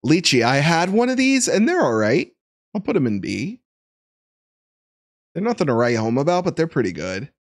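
A young man chatting on a live stream, his pitch bouncing up and down as he talks. The sound is close and dry, with no room around it. He laughs often and reads viewers' messages aloud. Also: normal speed, pauses often, dry recording. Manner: chatty and laughing, animated, reading chat aloud. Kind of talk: casual live-stream chat.

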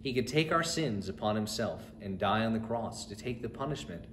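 A man's voice: fairly low pitch, lively intonation, moderate pace, background noise. A man from a church narrating a bedtime Bible story and earnestly preaching its lesson to children. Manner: earnest, addresses children directly. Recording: roomy echo.

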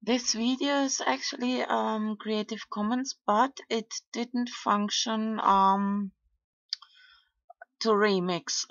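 A woman talking casually in her video blog, hesitant and halting, often trailing off with fillers. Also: medium pitch, fairly bright tone, no echo, muffled recording. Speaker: video blogger. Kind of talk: casual vlog commentary.

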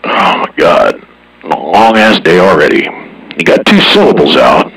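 A man's voice: deep voice, huge pitch swings, measured pace, a bit bright, breathy edge. A man chatting casually over a CB radio in a drawling, slangy manner, recorded from some distance. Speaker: CB radio operator.

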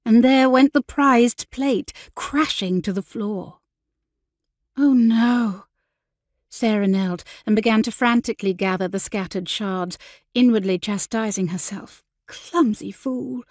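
An audiobook narrator reads a period story aloud, her medium-pitched voice measured and expressive. The scripted narration has clean studio sound with no echo.

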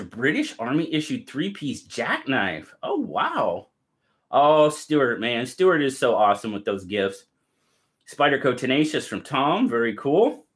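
A man hosting a live stream, cheerfully greeting and thanking viewers by name and reading their comments aloud in quick lists. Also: mid-range voice. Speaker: livestream host.

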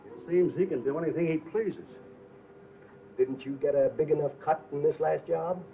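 An actor playing a tough-talking crook in a 1940s film, using streetwise slang. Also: male voice, on the high side, normal speed, vocal fry. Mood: uneasy. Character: tough-talking male crook, middle-aged. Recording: tinny old film soundtrack with hiss.

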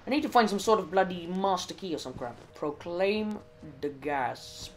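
A man's voice: high voice, expressive, unhurried, slight background noise, low-quality recording. A young man giving let's play commentary, muttering to himself with jittery nerves and frequent mild swearing. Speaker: gaming channel host.

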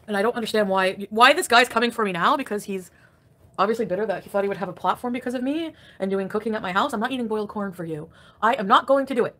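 A woman at home on a live stream, irritated and crabby. Her voice sits at an ordinary middle pitch, and she swings from low grumbles to loud, swearing outbursts as she vents. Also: fast. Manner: angry, profane venting with sharp loud outbursts. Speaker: livestreamer. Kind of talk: ranting live stream chat.

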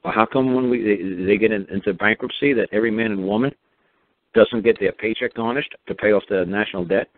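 A man's voice: lowish voice, a little fast, no room sound. A man ranting casually and sarcastically, acting out mock exchanges, with many restarts and fillers. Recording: dry tinny phone line.

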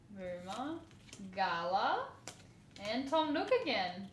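Woman, relaxed unboxing chatter, bright lilt, slightly higher voice, roomy echo. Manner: chatty, giggly, squeals over cute cards. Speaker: vlogger. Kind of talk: casual unboxing commentary. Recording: echoey room, faint noise.

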